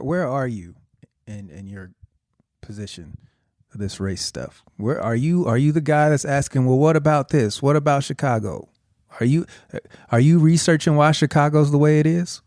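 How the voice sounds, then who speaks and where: A man's voice: medium pitch, moderate pace, a little mellow, no room sound, clean studio sound. A man co-hosting a podcast who rants heatedly in casual chat. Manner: heated, ranting. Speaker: podcast co-host.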